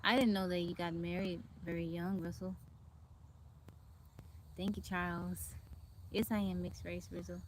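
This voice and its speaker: A woman with a slightly low voice chats easily with her live-stream viewers, greeting and thanking them one by one. She talks calm and unhurried into her phone outdoors. Faint insect and bird sounds hum behind her. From Texas, USA. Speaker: livestream host. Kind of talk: casual live-stream chat reading viewer comments. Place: outdoors in the woods by her tiny house. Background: insects and birds outdoors.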